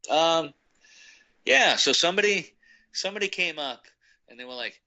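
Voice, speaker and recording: A man's voice: on the high side, expressive, moderate pace, bright, forceful tone, lo-fi sound. A man casually telling a rambling story, laughing often and acting out the people he quotes. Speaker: guest recounting a meeting.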